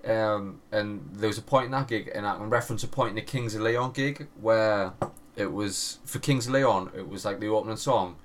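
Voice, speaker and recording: Swearing, animated man telling stories. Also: fairly low pitch, moderate pace, slight background noise. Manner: animated storyteller, heavy swearing, frequent laughter. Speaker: podcast co-host. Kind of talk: casual chat.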